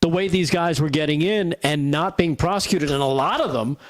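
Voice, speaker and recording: A man's voice: on the high side, brisk. A male talk show host chatting casually, with frequent stammered restarts. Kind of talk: casual chat.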